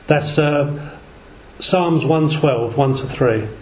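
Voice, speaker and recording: A man preaching to a small gathering, reading scripture slowly and deliberately and sometimes stumbling over words and correcting himself. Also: a little high, slight background noise. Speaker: lay preacher. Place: small gathering in a reverberant room. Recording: echoey room recording.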